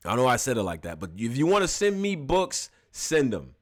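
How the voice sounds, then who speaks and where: A man in his early thirties hosting a live call-in show, telling animated, slang-heavy stories and then sliding into loose, mumbled housekeeping. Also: normal speed. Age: early 30s. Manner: animated slangy storytelling, switches to loose low-key housekeeping. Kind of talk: casual live call-in monologue.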